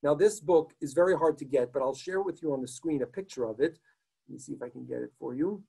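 A man's voice: fairly high pitch, fast, vocal fry, mellow, slightly rough, poor audio. A man lecturing as a rabbi, telling stories in an earnest, emphatic way during an online talk, sharing his screen. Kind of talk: online lecture with story reading.

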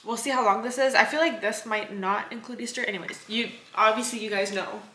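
A woman's voice: fairly high pitch, steady tone, brisk, pushed and bright, breathy edge, low-quality recording. A young woman from Canada, chatting casually to camera in a rambling, giggly way with lots of fillers. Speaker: vlogger. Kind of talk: casual vlog chat to camera. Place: car, parked.

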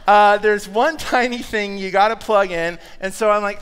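A man delivers a sermon in a church, his voice sitting high and ringing out clean and smooth. He tells stories in a conversational, self-deprecating way, dropping in quick asides to the congregation. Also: fairly bright tone. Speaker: pastor.

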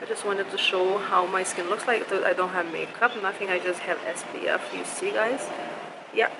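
A woman skincare vlogger giving a casual, relaxed update to camera before bed. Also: medium pitch, moderate pace, creaky, very noisy.

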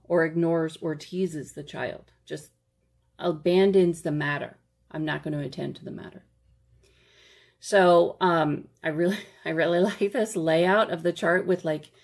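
A woman with a low, darkish, slightly rough voice and noticeable vocal fry walks through a parenting workbook. She teaches casually, often checking in with "okay?" and correcting herself along the way.

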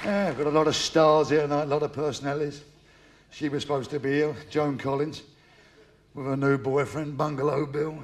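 A middle-aged stand-up comedian with brash, cheeky patter, speaking into a stage microphone. His voice sits a little high for a man, with a faint crowd behind him. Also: level tone, brisk, slight background noise. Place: live charity concert stage.

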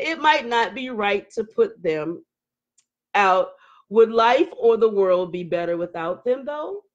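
A middle-aged woman chats on a live stream in a fairly high voice. She reads comments aloud, laughs often, and swings between teasing and heated venting. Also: highs cut off. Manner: animated, laughing, emotional outbursts, Southern Black vernacular phrasing. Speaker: live-stream host reading viewer comments. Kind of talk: casual live-stream chat.

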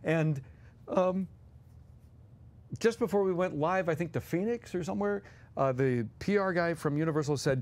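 This guest co-host has a fairly high-pitched voice, a moderate pace, and frequent pauses. On the podcast he shares stories with animation, chuckling along and doing voices.

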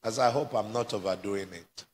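A man's voice: on the low side, normal speed. A male pastor, preaching a live church sermon and drawing call-and-response from the congregation. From Nigeria. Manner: exhorting, climbs to fervent shouting, prompts replies. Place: church service before a congregation.

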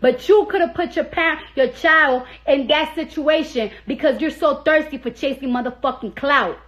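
A woman's voice: sits high, moderate pace, fairly bright tone. A young woman ranting heatedly into her phone on a live stream, swearing constantly and repeating herself for emphasis. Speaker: celebrity on a social media live stream. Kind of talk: angry profane rant.

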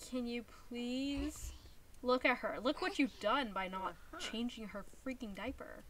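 Exasperated high-voiced woman streamer. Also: measured pace, a crowd in the background. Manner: exasperated, scolding game characters. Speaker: gaming streamer. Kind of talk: casual gameplay commentary.

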